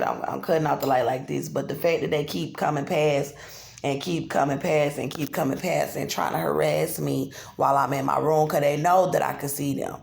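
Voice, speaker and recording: A woman filming herself on a phone in a dark motel room, talking in an agitated, profane, repetitive way. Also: sits low, gravelly. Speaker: vlogger. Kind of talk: angry self-filmed monologue. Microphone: phone camera. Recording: echoey room.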